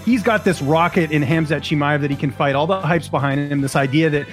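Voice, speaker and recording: A man's voice: on the high side, a little fast, faint music behind. A man from Canada, a podcast guest, chatting casually in a rambling, self-interrupting, jokey way. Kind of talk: casual chat.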